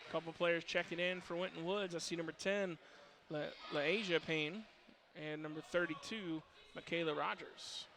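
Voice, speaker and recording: A man calling high school basketball play-by-play in a steady, lightly joking manner. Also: moderate pace, hardly any pauses, noisy background. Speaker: play-by-play announcer.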